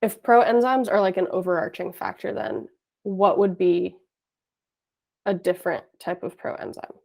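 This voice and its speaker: A woman's voice: fairly low pitch, measured pace, vocal fry, darkish tone. A woman student on a video call, asking questions hesitantly and searching for words. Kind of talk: asking questions in a tutoring session.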